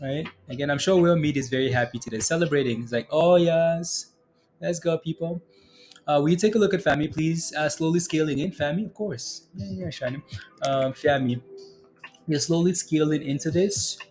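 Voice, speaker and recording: A man's voice: fairly high pitch, a little fast, darkish tone, soft background music. A man hosting a live day-trading stream, chatting casually with viewers, full of fillers and tag questions as he talks through charts. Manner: chatty, filler-heavy, keeps adding "right?" and addressing viewers by name. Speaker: livestream day-trading host. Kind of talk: casual live chart commentary reading chat.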